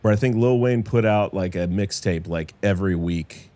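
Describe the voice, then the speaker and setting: A man's voice: sits low, moderate pace, warm tone. A man hosting a podcast, joking loosely and provocatively in casual chat. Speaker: podcast host.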